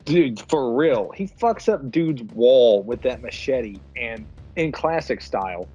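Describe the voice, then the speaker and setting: A man co-hosting a casual podcast chat about a film over beer, retelling scenes in a profane, animated way. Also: medium pitch, slow pace, husky, faint music behind. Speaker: podcast co-host.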